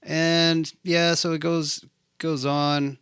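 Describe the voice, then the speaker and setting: A man's voice: a little high, little pitch movement, takes it slowly, a bit bright, clean tone, no echo, clean studio sound. A man co-hosting a casual movie recap chat, swearing freely and acting out the characters' lines. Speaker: podcast co-host.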